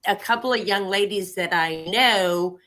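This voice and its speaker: A woman's voice: medium pitch, measured pace, bright, forceful tone. A woman telling a story in casual conversation, chatty with many fillers.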